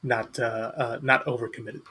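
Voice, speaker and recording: Bright-voiced man playing a tabletop game. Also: mid-range voice, normal speed, slightly rough. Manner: relaxed, hesitant, playful. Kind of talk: casual tabletop role-play.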